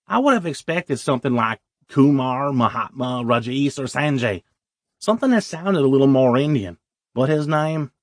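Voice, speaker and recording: A man's voice: medium pitch, animated, moderate pace, dry recording, clean studio sound. A man narrating a first-person audiobook story in a wry, self-deprecating way.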